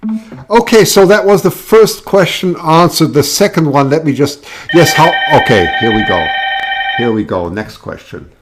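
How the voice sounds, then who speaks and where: A man's voice: on the high side, expressive, moderate pace, very noisy. Chatty man hosting a live call-in show. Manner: chatty, rambling with fillers and restarts. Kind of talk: casual live show chat.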